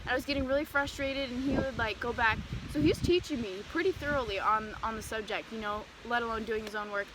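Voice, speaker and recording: A young woman telling stories in a casual interview outdoors on a trail, animated and acting out remembered dialogue. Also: on the high side, quick pace, few pauses, noisy background. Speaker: interview guest, former classmate.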